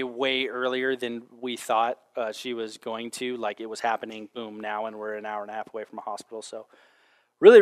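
A man's voice: medium pitch, smooth. A man preaching a casual sermon, telling a personal story and reading Bible verses in a conversational way with many fillers. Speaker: pastor.

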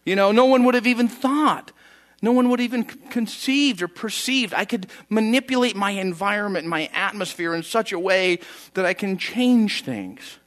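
A man's voice: high-pitched, moderate pace, a bit bright. A man preaching a conversational sermon, telling the story in a folksy way with chatty asides. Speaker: pastor.

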